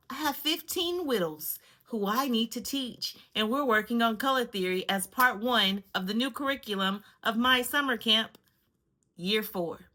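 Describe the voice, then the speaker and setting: A middle-aged woman hosting her own vlog, telling a story calmly with sighs and self-soothing asides. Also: fairly high pitch, measured pace. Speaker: vlog host. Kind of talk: reflective casual storytelling.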